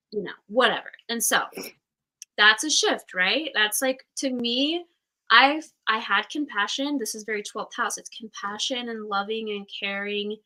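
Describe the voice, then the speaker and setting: A Utah woman in her thirties hosts a casual astrology class on a livestream, chatting candidly, swearing freely, and acting out quoted voices. Her fairly high, expressive voice sounds bright and forceful at a measured pace. The recording quality is low.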